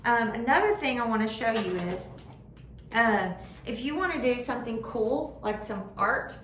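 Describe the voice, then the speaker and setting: A young woman giving a children's sermon in simple, animated words, recorded in a church room. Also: on the high side, moderate pace. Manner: animated, speaks simply to children, acts out voices. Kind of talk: kids' sermon. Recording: echoey room, far from the mic, faint noise.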